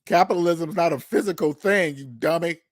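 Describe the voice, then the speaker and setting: Animated, profane man telling stories. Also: fairly high pitch, a little fast, no room sound. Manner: animated, profane, laughs at himself, acts out quotes. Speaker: podcast host. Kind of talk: casual storytelling monologue. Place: Seattle.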